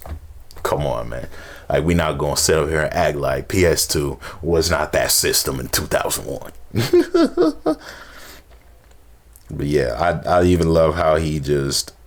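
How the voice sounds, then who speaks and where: A man hosting a casual music reaction, animated, laughing and humming beats between his comments. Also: rumbling low, moderate pace. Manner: animated, laughs often, hums beats and sings along. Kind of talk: casual music review chat.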